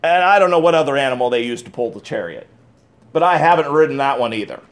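A man's voice: mid-range voice, expressive, fast talker. A man preaching a sermon, emphatic and repeating key phrases, with conversational asides between scripture readings. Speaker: pastor.

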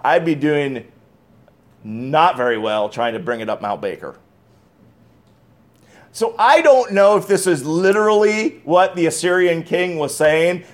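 A man with a slightly higher-pitched voice delivers an emphatic sermon. He stresses and repeats key phrases, then drops into loose conversational asides with small restarts. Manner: emphatic preaching, repeats key phrases, reads scripture aloud. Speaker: pastor.

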